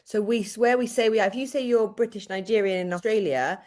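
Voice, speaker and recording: A woman's voice: mid-range voice, fast, darkish tone. A woman co-hosting a podcast, chatting casually and correcting herself as she tells stories. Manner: rambling, self-correcting storytelling. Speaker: podcast co-host. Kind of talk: casual chat.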